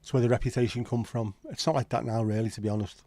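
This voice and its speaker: A man's voice: mid-range voice, fairly even intonation, quick pace, warm tone, no room sound. A man with a Liverpool accent hosting a casual livestream chat, rambling and opinionated with frequent swearing. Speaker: livestream host.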